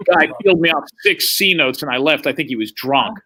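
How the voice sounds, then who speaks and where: A man's voice: a little high, lively intonation, brisk, sharp tone. A man telling anecdotes on a live stream chat, laid-back and profane. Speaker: guest.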